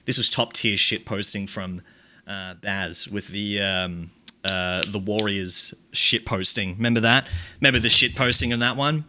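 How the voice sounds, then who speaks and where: A man's voice: lowish voice, steady tone, a little slow, sharp tone. A man hosting a live stream, reading out chat quotes and reacting with dry asides and laughter. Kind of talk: casual live-stream commentary.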